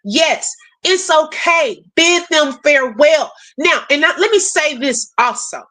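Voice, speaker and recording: A woman hosts a casual live chat with her viewers, reading their messages aloud and answering warmly with prayers and blessings. Her voice sits high and sounds bright and forceful, and her delivery is animated and emotional, with frequent laughter. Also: measured pace. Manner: animated, laughs often, calls viewers sis and y'all. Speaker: livestream host.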